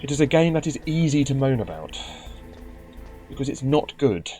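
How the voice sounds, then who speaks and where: A man's voice: mid-range voice, big pitch swings, moderate pace, warm tone, faint music behind. A man giving casual gameplay commentary, grumbling and sarcastic, with stumbling restarts. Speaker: let's play commentator.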